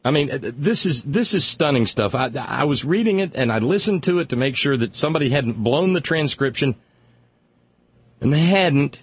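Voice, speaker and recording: Husky-voiced sardonic radio talk host. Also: male voice, medium pitch, dry recording, lo-fi sound. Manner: sardonic, rambling, repeats words when worked up. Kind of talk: irreverent political commentary.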